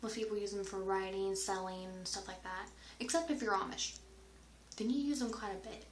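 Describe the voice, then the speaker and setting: A woman's voice: medium pitch, steady tone, normal speed, a little hiss or hum. Chatty rambling woman in an echoey room. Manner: rambling, chatty, drifts into whispers at times. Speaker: vlogger answering viewer questions. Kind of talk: casual Q&A vlog. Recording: roomy echo.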